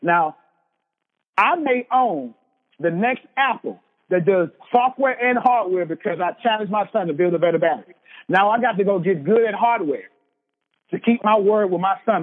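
Here a man with a high voice preaches motivation, driving his message with emphasis and repeated lines. It's captured as thin, phone-quality audio ringing with lengthy hall reverb.

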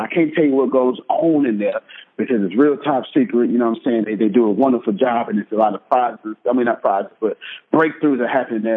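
A husky, medium-pitched Texan man tells his story over a tinny phone line. It's an animated personal testimony, told emphatically, and he keeps asking "right?" and saying "check this out."

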